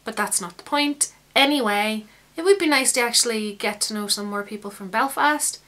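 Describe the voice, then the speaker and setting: A woman's voice: a little high, moderate pace, a bit bright. A young woman with a Northern Irish accent, chatting in a rambling, bubbly vlog to her viewers. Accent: Northern Irish, County Antrim. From Northern Ireland. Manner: rambling, bubbly, self-mocking. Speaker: beauty YouTuber.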